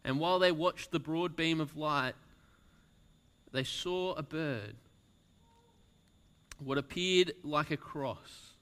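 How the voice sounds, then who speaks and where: A man preaching at a slow, deliberate pace, reading a story aloud to his congregation. His voice is bright and crisp, and he lets lines fall almost to a whisper for emphasis. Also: on the high side. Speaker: pastor. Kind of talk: sermon with a read-aloud story.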